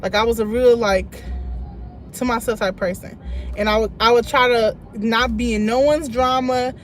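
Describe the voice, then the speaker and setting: A young woman telling a story on a live stream from her car, chatty and quick to laugh, reading out viewer comments as she goes. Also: fairly high pitch, fairly even intonation, soft background music.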